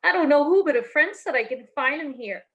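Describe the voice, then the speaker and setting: A woman's voice: sits high, expressive, a little fast, voice pushed up. A woman reading aloud voices a ditzy, girlish woman in her forties who sounds tipsy and coy. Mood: giggly.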